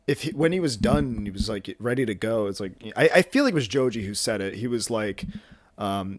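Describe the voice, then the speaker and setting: This young man in his twenties has a fairly low, expressive voice and talks briskly, a little out of breath, in a rambling home vlog. Lots of fillers, restarts and jokes at his own expense. The sound is studio quality with no room sound.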